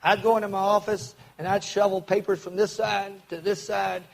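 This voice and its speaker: A man's voice: high voice, little pitch movement, gravelly, rough recording. An older man from Kentucky, telling his recovery story to a meeting audience in an earnest way. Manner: earnest, acts out quoted voices, speeds up and slows down.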